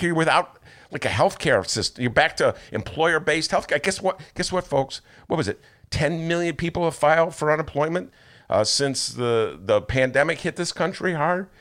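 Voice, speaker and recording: A man hosting a political talk show, sarcastic and animated, laughing often as he comments. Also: on the high side, a little fast.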